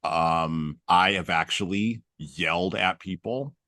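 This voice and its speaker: A man's voice: deep voice, unhurried, pushed and bright, no echo, clean studio sound. A middle-aged man hosting a casual chat, telling wry, self-deprecating stories with chuckles. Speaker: podcast host.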